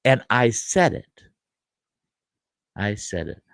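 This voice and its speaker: A man's voice: on the low side, takes it slowly, dry recording. An older man, hosting and telling a story casually, chuckling as he goes. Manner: animated, chuckling, dry gravelly delivery. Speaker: host.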